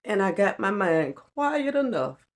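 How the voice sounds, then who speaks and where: A woman's voice: mid-range voice, big pitch swings, unhurried. A middle-aged woman giving an earnest, colloquial personal testimony on a spiritual vlog, repeating lines for emphasis. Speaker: spiritual vlogger.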